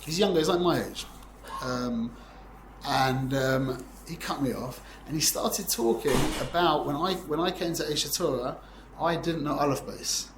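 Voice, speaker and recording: A Torah teacher in his forties gives an informal class, rambling conversationally and often checking in with "yeah?". His voice is on the high side and a little slow, recorded in an echoey room with a noisy background.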